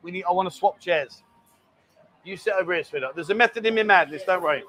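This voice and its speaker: A man's voice: high-pitched, quick pace, pushed and bright, slight background noise. A man hosting a casual livestream from a bar, teasing his guest and reading viewer comments aloud. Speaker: bar show host.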